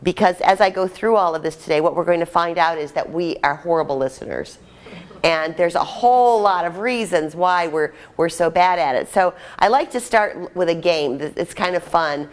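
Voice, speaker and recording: A woman's voice: on the low side, normal speed. Upbeat woman running a workshop. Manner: chatty, upbeat, directing the room. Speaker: workshop trainer. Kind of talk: live workshop instruction. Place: training room with a group.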